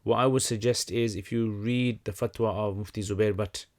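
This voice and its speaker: A young man chats through a livestream Q&A at an easygoing pace, his voice sitting a little low. He often stops to restart a thought and fills the gaps with ums and uhs. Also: moderate pace. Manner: relaxed, conversational, many fillers and restarts. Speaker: livestream host answering questions. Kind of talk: casual livestream Q&A.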